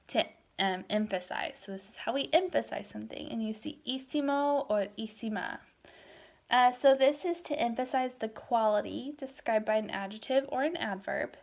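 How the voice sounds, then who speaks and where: A tired woman in her thirties teaching a recorded Spanish class, switching between English and Spanish in a relaxed, chatty way. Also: on the high side. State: tired, yawning. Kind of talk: recorded lecture.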